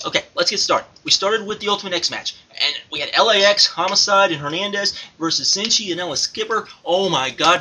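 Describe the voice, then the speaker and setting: A man's voice: sits high, bright, forceful tone, a little hiss or hum, poor audio. A man doing a giddy, gushing alter-ego reviewer. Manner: gushing, repeats himself, exclaims often. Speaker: wrestling reviewer. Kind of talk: excited spoken review.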